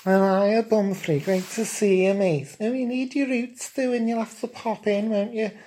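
A man voicing a camp, chatty male hairdresser with a Liverpool accent, chirpy and high. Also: fairly even intonation, unhurried, warm tone.

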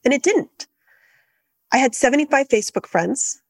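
A middle-aged woman, a guest in an interview, telling her story in an earnest, steady and reflective way. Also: sits high, moderate pace, no echo. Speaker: guest, activist founder.

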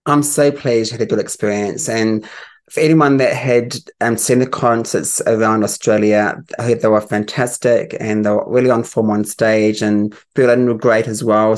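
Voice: mid-range voice, darkish tone. Podcast host chatting and asking questions. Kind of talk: casual chat.

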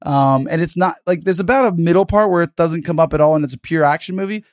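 Slightly high-voiced man, casual podcast chat. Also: quick pace, no room sound, clean studio sound. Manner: relaxed, chatty, lots of "like" fillers. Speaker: podcast co-host.

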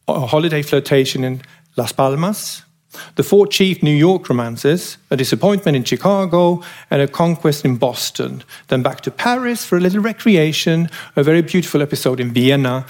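Gravelly male audiobook narrator. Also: on the high side, a little mellow. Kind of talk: audiobook reading.

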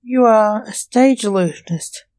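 Jumpy, flustered tv host guy, read by a woman, mellow tone. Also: a little high, unhurried, no room sound, clean studio sound, natural voice. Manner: flustered and confused. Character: nervous, squeamish male TV host.

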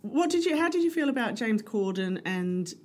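A woman co-hosting a casual chat, talking in a wry, measured way. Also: on the high side, sing-song, darkish tone. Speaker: podcast co-host.

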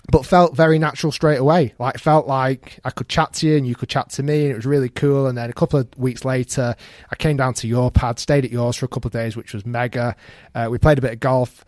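A man's voice: medium pitch, quick pace, no room sound, studio quality. A man hosting a casual podcast, telling stories with animation and acting out quoted lines. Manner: animated storyteller, acts out quotes. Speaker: podcast host. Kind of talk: casual chat.

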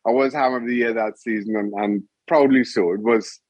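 In a brisk, medium-pitched voice on a dry recording, a middle-aged man who used to play goalkeeper chats as an interview guest. He spins stories with plenty of animation and frequent laughter in a casual conversation.

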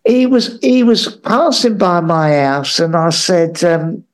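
A man co-hosting a comedy podcast, telling improvised anecdotes deadpan. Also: a little high, slow. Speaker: podcast co-host.

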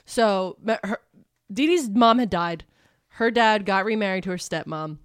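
A woman's voice: medium pitch, animated, moderate pace, smooth, dry recording, clean studio sound. A woman co-hosting a podcast, telling a true-crime story in a chatty, casual way with many fillers and laughs. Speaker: podcast co-host.

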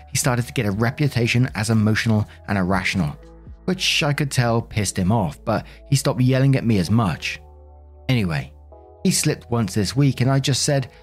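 A man reading online posts aloud and commenting on them in a calm, matter-of-fact way. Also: mid-range voice. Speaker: story reader and host.

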